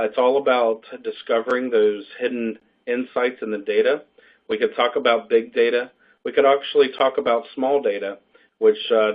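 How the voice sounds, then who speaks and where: Male webinar presenter, mid-pitched, loose explanatory delivery with fillers, thin phone-quality sound. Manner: explanatory, frequent fillers and restarts. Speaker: program faculty speaker. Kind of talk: unscripted webinar talk. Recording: tinny phone-like line.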